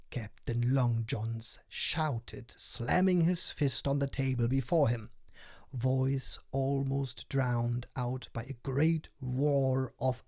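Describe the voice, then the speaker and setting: A man narrating a storybook tale in a hushed, often whispered way. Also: medium pitch, gravelly. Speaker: audiobook narrator.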